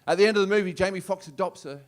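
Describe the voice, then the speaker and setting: A man's voice: sits high, rapid-fire. A man with an Australian accent doing a brash, swearing stand-up routine on a comedy club stage. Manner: brash, swearing, punchy delivery.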